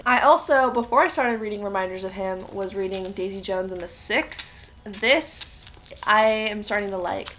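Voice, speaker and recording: A woman's voice: mid-range voice, a bit bright, slight background noise. A woman in a casual sit-down chat, talking straight to viewers and acting out her own thoughts in quotes. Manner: chatty, talks straight to viewers. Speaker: book reviewer.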